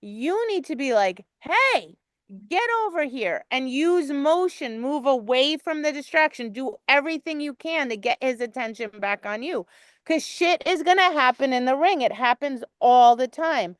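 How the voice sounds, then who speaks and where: A woman's voice: high voice, animated, moderate pace, dry recording. A woman dog obedience trainer coaching a student, blunt and emphatic, cursing casually.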